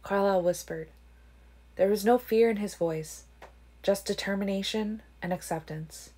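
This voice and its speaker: A woman reading a novel aloud in a calm, even narration. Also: mid-range voice, moderate pace. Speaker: audiobook reader.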